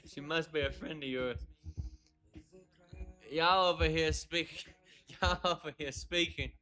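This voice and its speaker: A man's voice: a little high, slow, pauses often, bright, forceful tone, soft background music. A man hosting a casual live stream, laughing a lot and swearing as he reads chat comments aloud into a laptop mic.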